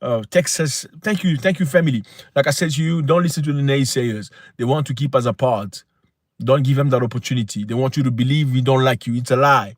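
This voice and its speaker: A man's voice: medium pitch, brisk, no room sound, studio quality. A man hosting a casual livestream, speaking emphatically and preaching to viewers. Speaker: livestream host.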